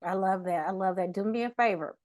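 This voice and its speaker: A woman's voice: mid-range voice, a little fast, a little mellow. A woman hosting a talk show interview, conversational and affirming toward her guest. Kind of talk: casual interview.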